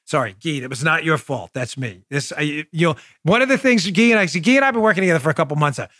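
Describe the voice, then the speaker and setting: A man hosting a political talk podcast, speaking in an animated, emphatic way and repeating points for effect. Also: on the high side, fast, no room sound, clean studio sound. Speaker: podcast host.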